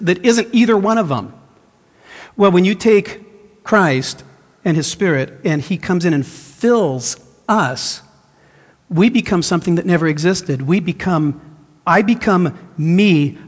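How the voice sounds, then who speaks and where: A man's voice: high voice, in a large hall. A man preaching a sermon as pastor, telling a personal story earnestly with frequent restarts.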